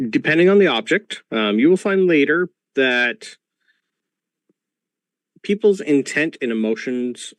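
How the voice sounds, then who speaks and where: A man's voice: mid-range voice, a bit bright, no room sound. A man running a tabletop game over a video call, lecturing patiently as a professor, with many ums. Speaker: game master playing a professor.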